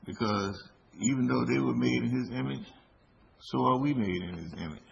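Male preacher, low gravelly voice, unhurried delivery, dull lo-fi recording with faint noise. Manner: slow, deliberate preaching with emphatic rises. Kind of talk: sermon.

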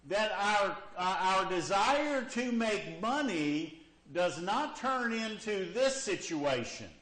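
High-voiced man preaching in an echoey hall. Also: fairly bright tone. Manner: repeats "okay?" to check in with listeners. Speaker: pastor. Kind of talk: sermon. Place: church hall with a congregation, also live-streamed.

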